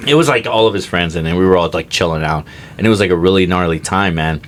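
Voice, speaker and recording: A man's voice: low-pitched, fast talker, a little hiss or hum. A young man co-hosting a casual comedy podcast, rambling through stories with lots of "like" and "dude". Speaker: podcast co-host.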